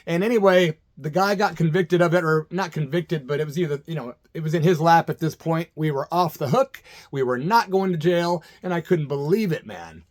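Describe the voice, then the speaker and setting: A man's voice: a little high, normal speed. Laid-back man telling a wild story. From Illinois, USA. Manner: laid-back, laughs often, acts out voices in quotes. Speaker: vlogger telling a personal story. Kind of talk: casual storytelling monologue.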